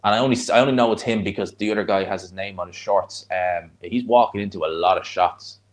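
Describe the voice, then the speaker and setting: A man with a North Dublin accent and a fairly low voice chats through a live fight watch-along. He rambles and restarts his sentences, then breaks into excited reactions to the punches. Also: fast talker. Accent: North Dublin (Fingal). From Ireland.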